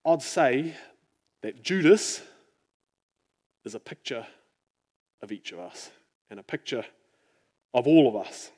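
A man preaching a sermon in an earnest, reflective way, often dropping his voice to a near-hush. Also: medium pitch, animated, slow, pauses often, breathy edge.

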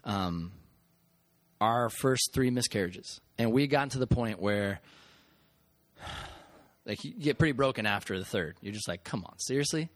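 A man's voice: on the low side, expressive, unhurried, no room sound. A man, a pastor, speaks to his congregation in a conversational, candid way, with a few stumbles. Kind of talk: addressing a congregation.

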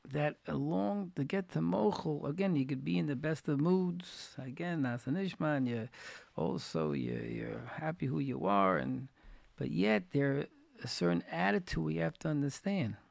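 A man with a rough, gravelly voice pitched a bit high tells folksy anecdotes in a Torah talk, repeating his key phrases to drive them home. The sound is dry and close, with no room around it. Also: lively intonation, a little slow, a little mellow, no echo. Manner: folksy, retells anecdotes with quoted dialogue. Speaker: religious teacher.

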